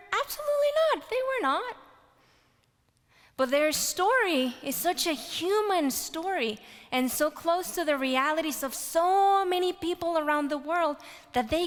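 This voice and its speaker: High-voiced woman preaching in a reverberant hall. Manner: animated storytelling, rising to loud exclaims and dropping to whispers. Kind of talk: sermon.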